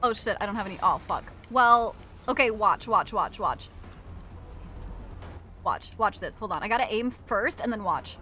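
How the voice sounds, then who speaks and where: A woman's voice: medium pitch, animated, moderate pace, pauses often, bright, forceful tone, a little hiss or hum. A young woman streaming a video game, chatting casually to her viewers, giggly and self-mocking, swearing freely. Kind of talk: casual gaming stream chat.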